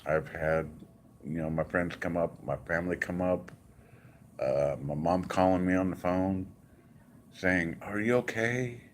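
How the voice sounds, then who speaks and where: A man with a very low voice talks slowly from his hospital room. He rambles through his stories with repeated asides, and a faint hum sits behind him. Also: steady tone. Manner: rambling, repetitive storytelling with many asides. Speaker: vlogger. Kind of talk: casual rambling update.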